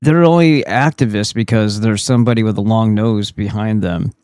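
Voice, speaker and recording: A man's voice: on the low side, darkish tone, clean tone, dry recording. Rambling, profane male streamer, dry sound. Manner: rambling, halting with restarts. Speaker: streamer reacting to clips. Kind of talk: profane casual commentary.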